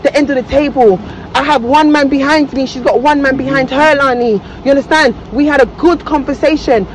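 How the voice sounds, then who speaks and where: A woman in a heated argument in a car, angry, upset and near tears, shouting, swearing and talking over everyone. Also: high-pitched, brisk, a little hiss or hum, poor audio. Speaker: guest on a reality show. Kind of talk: heated confrontation.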